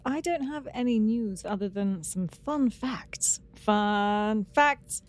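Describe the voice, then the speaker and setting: A woman's voice: fairly high pitch, animated, a little slow, warm tone. A woman co-hosting a podcast, chatting casually and sharing news with many halts and restarts. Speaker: podcast co-host. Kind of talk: casual chat.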